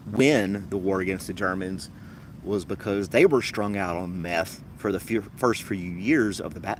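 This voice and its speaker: A man's voice: lowish voice, a little hiss or hum. A man hosting a casual podcast chat, rambling and wry, laughing at his own jokes. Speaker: podcast host.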